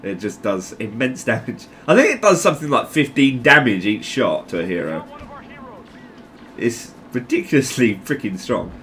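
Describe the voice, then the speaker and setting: Excitable gamer guy, lively pitch. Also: moderate pace, a little hiss or hum. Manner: excitable, swearing, jokey. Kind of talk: casual gameplay commentary.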